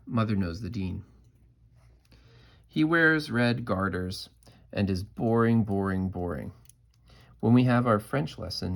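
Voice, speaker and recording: Low, gravelly man reading a storybook. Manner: playful, expressive read-aloud with asides. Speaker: storybook reader. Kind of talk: reading a children's book aloud.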